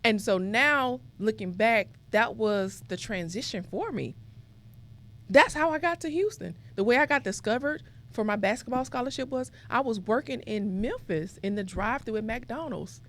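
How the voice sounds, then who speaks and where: A young woman from Mississippi, telling her life story as a podcast guest in an animated way. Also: a little high, normal speed. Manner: animated, acts out quoted voices. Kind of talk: conversational storytelling.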